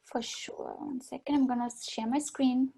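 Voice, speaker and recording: A woman with a higher, husky voice and a gravelly edge co-hosts an online workshop. She speaks briskly and in a friendly way, giving practical instructions over a video call. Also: steady tone, dark tone. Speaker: co-facilitator. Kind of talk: casual online workshop talk.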